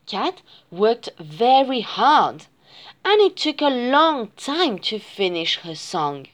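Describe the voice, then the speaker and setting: Woman reading a kids picture book out loud, super slow, sing-songy. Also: a little high, very animated. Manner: slow, sing-song storytelling. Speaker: reader. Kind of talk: children's picture book read-aloud.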